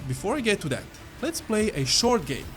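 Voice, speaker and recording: A man's voice: sits high, big pitch swings, fairly quick, a bit bright, soft background music. A man hosting a comedic marketing video, joking and acting out game-show bits. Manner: playful, jokey, acts out game-show bits. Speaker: host.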